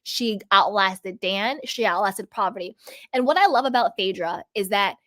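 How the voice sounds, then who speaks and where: A woman's voice: mid-range voice, moderate pace. A woman host giving sassy, casual commentary on a reality show, often acting out what people say. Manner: sassy, animated, mimics people in quotes.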